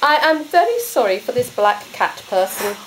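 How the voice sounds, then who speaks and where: A haughty exiled countess, played by a woman at a murder-mystery party, grand and theatrical. Her voice sits high and swings widely through each line. A faint hum of the room hangs behind her. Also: big pitch swings, normal speed, poor audio. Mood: indignant. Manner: grand, theatrical, dramatic outbursts. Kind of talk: amateur murder-mystery party role-play.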